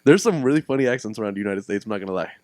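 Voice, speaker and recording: Laid-back podcast host, lively pitch. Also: male voice, rapid-fire, no room sound, studio quality. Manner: laid-back, chuckling, rambling. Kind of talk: casual chat.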